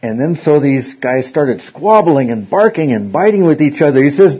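A man's voice: mid-range voice, sing-song, measured pace, breathy edge. A man teaching an interactive Bible study, rambling and often repeating words as he restarts his sentences. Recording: dull lo-fi recording.

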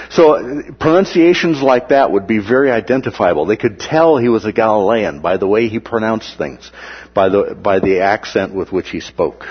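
A man's voice: lowish voice, expressive, normal speed, slightly rough, in a large hall, highs cut off. A man teaching through a Bible passage in a conversational way, with many "uh" and "right?" asides, sometimes acting out the quoted voices.

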